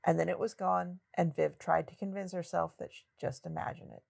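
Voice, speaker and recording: A woman co-hosting a podcast, chatting about a novel in a relaxed, digressive way and laughing often. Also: lowish voice, a little fast, vocal fry. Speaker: podcast co-host. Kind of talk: casual book discussion.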